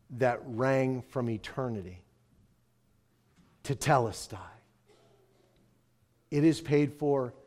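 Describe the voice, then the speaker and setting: A man preaching a sermon as pastor, swinging from loud proclamations to hushed, emphatic lines. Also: mid-range voice.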